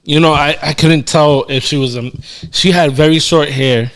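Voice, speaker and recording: A man co-hosting a podcast in casual chat, relaxed and teasing as he tells stories. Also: on the high side, moderate pace. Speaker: podcast co-host.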